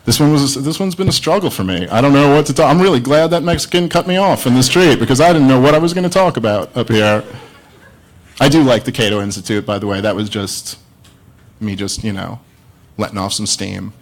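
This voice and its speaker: A comedian speaks a little fast in a mid-range voice, captured on poor audio, as he opens a debate with a stand-up set. His story meanders and mocks himself, drawing laughs from the live audience.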